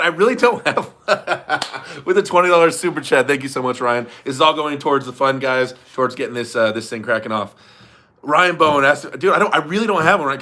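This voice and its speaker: Bright-voiced young streamer. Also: male voice, mid-range voice. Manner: loose, swears often, laughs a lot. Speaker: livestream host reading super chats. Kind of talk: casual chat.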